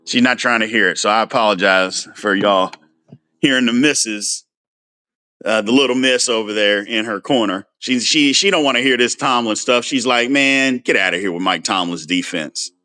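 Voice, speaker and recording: Man, bright tense voice, animated, casual livestream host, talks back to chat. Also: medium pitch, moderate pace. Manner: animated, answers viewer comments by name. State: frustrated. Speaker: sports talk host.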